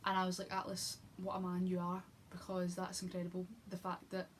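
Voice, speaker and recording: A woman's voice: fairly low pitch, completely flat delivery, brisk, slight background noise. A young woman chatting casually through a book review, gushing, with lots of fillers and restarts. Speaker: book vlogger.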